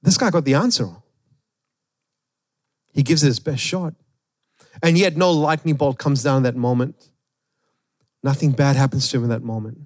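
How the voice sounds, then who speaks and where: Storytelling pastor. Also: male voice, mid-range voice, normal speed, long pauses, no echo, studio quality. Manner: storytelling, animated. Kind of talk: sermon.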